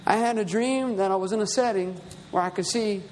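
A man's voice: high voice, a little fast. Male preacher, conversational storyteller rising to emphatic peaks; reverberant hall, faint room noise. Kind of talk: sermon.

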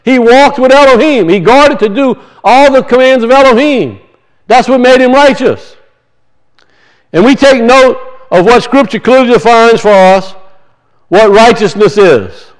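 A man's voice: extremely high pitch, unhurried, low-quality recording. A man preaching a sermon, teaching from scripture and emphatically asking and answering his own questions.

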